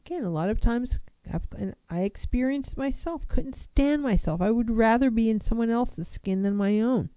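Woman counselor, earnest and reflective, very mellow warm voice, pitched a bit high, dry close sound. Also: normal speed, few pauses, smooth, dry recording. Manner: earnest, poses rhetorical questions. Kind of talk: reflective self-help talk.

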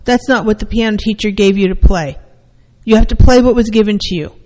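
Stern scolding parent, louder and higher than usual, as a therapist puts it on; long hall reverb. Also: little pitch movement, takes it slowly, close to an everyday voice. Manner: sharp, rebuking questions.

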